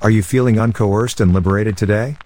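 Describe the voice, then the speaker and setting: A man hosting a comedy radio show with a flat, stilted, robot-like delivery. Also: on the low side, a little fast, slight background noise.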